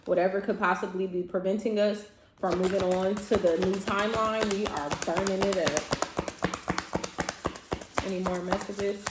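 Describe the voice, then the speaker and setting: A woman's voice: medium pitch, steady tone, normal speed, long pauses, roomy sound, very noisy. A woman who is a tarot reader and therapist, giving a casual reading to camera in an emphatic, repetitive, reassuring way and laughing often.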